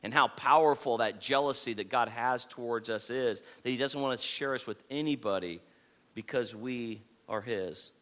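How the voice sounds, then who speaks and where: A man's voice: medium pitch, moderate pace, fairly bright tone. A man preaching a sermon to his congregation, emphatic and repetitive, building points through repeated phrases. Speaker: pastor.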